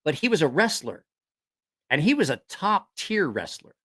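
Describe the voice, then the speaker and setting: A man's voice: a little high, moderate pace, husky. A man hosting a livestream, telling rambling, profane stories with a laugh, a little tipsy after a few drinks. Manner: lively, profane, laughing storyteller. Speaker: livestream host. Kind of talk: casual storytelling livestream.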